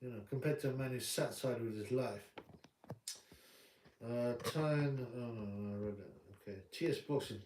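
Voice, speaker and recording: A man's voice: mid-range voice, normal speed, background noise. A man hosting a boxing livestream, ranting bluntly and casually while reading chat, often repeating himself. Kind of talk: casual live-stream rant. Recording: roomy room, distant mic.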